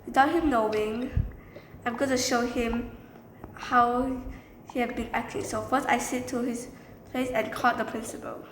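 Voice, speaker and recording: Woman rambling thru a storytime slowly, faint hum in the background. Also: on the high side, fairly even intonation. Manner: rambling, repeats filler phrases. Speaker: teacher telling a story. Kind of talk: storytime narration. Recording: echoey room with faint background noise.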